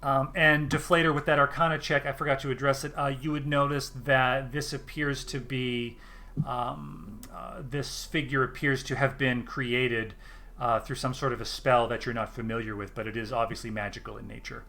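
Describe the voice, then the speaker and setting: A man narrating a tabletop game as game master, halting with many fillers. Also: mid-range voice, level tone, bright, forceful tone.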